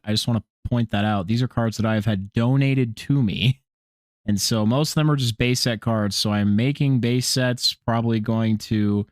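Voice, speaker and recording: A male podcast co-host chatting loosely and goofily, his pitch leaping up and down as he gets excited. He swears and trips over his own sentences. The sound is dry and close to the mic. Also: no echo. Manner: goofy, animated, swearing, trailing off into restarts. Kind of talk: casual podcast chat.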